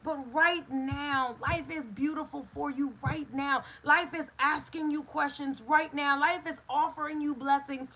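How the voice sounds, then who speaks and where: Woman host, high bright voice, slow and emphatic spiritual talk that sinks to a hush on key words. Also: fairly even intonation, rough recording. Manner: emphatic, repetitive, drops to a hush for stress; emotional, speaks to a live listener. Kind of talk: inspirational spoken talk.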